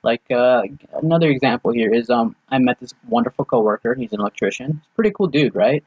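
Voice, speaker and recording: A man's voice: medium pitch, lively intonation, fast, husky, no echo. A young man chatting casually on a podcast, telling a story with lots of swearing and quoted dialogue. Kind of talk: casual chat. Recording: dull lo-fi dry sound.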